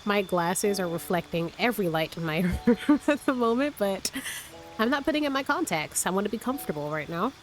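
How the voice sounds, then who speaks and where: A woman with a cold, a bit stuffy and raspy, thinking aloud as she hosts casual gameplay commentary from her room at home. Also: medium pitch, lively intonation, a little fast. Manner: thinks aloud, rambling with restarts. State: sick, stuffy and a little raspy. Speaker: let's play host.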